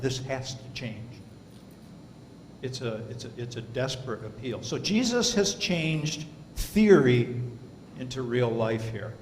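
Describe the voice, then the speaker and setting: A man teaching a Sunday Bible class in a church, earnest and emphatic, reading scripture aloud between his points. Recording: roomy hall reverb, faint rumble.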